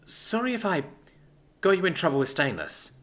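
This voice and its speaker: A man's voice: high voice, big pitch swings, moderate pace, a bit bright, pitched above the performer's own voice. A man voicing a determined, stubborn young woman who speaks insistently and sometimes pleads, in a narrated sci-fi audio story. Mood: earnest.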